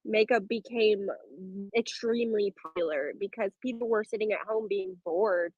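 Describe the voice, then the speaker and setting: A woman's voice: mid-range voice, normal speed, a little mellow, no echo. Chatty woman guest, dull lo-fi sound. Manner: chatty, talks freely about her own makeup habits. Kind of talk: casual chat on a live audio room.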